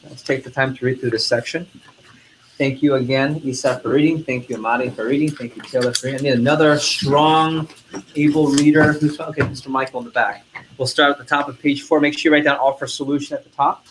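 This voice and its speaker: A man's voice: medium pitch, steady tone, quick pace, slight background noise, poor audio. A man leading a classroom sales training, stressing key words and having trainees repeat after him. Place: training room.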